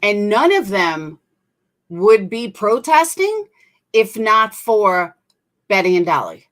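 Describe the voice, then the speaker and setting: A woman's voice: medium pitch, fairly bright tone. A woman hosting a commentary channel, talking bluntly and indignantly and swearing freely. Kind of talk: opinionated commentary.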